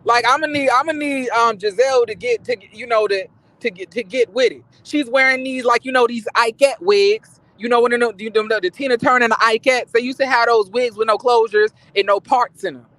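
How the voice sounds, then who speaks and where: A man's voice: very high-pitched, a little fast, a bit bright, no room sound. A man giving casual, sassy gossip commentary on reality TV, profane and rambling, with many restarts.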